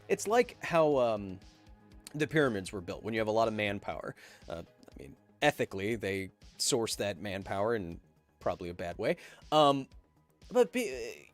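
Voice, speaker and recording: A man hosting a casual livestream, reading out viewer donations and answering them with playful, self-mocking jokes. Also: mid-range voice.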